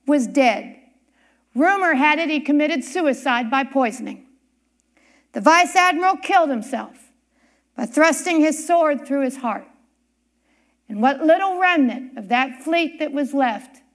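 A woman preaching a sermon, telling a historical story with dramatic pauses and emphasis. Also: high voice, a bit bright. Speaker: church speaker.

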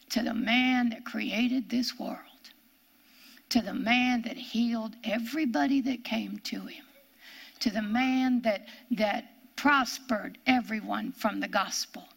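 An older woman giving a sermon, earnest and repetitive, sometimes dropping into hushed whispers for emphasis. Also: a little high, slow pace, vocal fry. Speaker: Bible teacher.

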